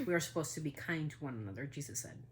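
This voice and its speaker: A woman's voice: low-pitched, lively intonation, quick pace, slight background noise. A woman hosting a family podcast in a casual monologue, heated and indignant, swearing as she talks about being upset. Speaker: podcast host.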